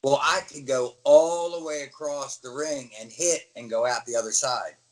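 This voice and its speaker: A man's voice: medium pitch, normal speed, a crowd in the background, poor audio. A middle-aged American man, a former pro wrestler, telling stories in a casual interview and acting out the voices of the people in them. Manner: animated storyteller, acts out quoted voices.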